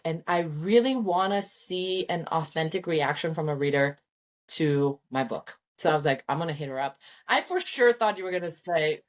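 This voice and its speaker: A woman with a lowish voice co-hosts a podcast and chats casually. She rambles, corrects herself partway through thoughts, and drops frank asides. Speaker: podcast co-host and author. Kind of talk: casual chat.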